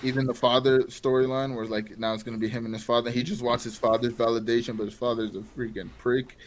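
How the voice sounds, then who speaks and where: A man co-hosts a casual pop culture chat. He talks with excitement, laughs often, and readily jumps into the conversation. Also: medium pitch, quick pace, low-quality recording. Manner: excited, laughing, quoting scenes. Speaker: co-host.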